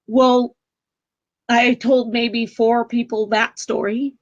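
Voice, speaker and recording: A woman guest telling a personal spiritual story in an earnest, emotional, halting way. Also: fairly high pitch, flat delivery, highs cut off.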